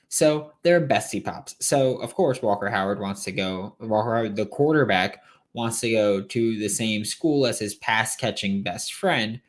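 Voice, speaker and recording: A man hosting a solo sports podcast late at night, tired but opinionated and emphatic, with rambling asides. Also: on the low side.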